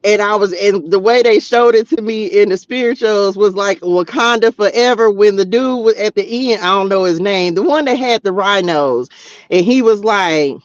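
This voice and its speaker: High-voiced man, chatty spiritual vlog. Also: normal speed, no echo. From Texas, US. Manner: exclamatory, chatty, talks straight to viewers as "y'all" and "child". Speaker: spiritual tarot vlogger. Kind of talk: casual spiritual message to viewers. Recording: dull, slightly lo-fi audio.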